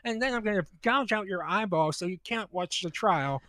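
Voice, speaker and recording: A man's voice: high voice, moderate pace, pushed and bright, dry recording. A man co-hosting a podcast, telling a profane story in casual comic chat. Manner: profane, storytelling, laughs often. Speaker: podcast co-host.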